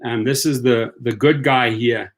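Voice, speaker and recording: A man's voice: medium pitch, steady tone, unhurried. A man hosting a casual live stream for drivers, upbeat and chatty, greeting viewers by name.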